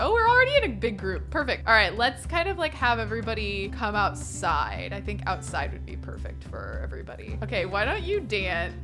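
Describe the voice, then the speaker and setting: Bubbly woman gaming host, high voice. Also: pushed and bright. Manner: bubbly, chatty, exclamatory. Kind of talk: let's play commentary.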